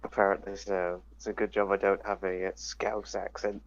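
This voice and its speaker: A man's voice: low-pitched, completely flat delivery, normal speed. A man, a tabletop player chatting in a wry, joking way. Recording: lo-fi online voice chat.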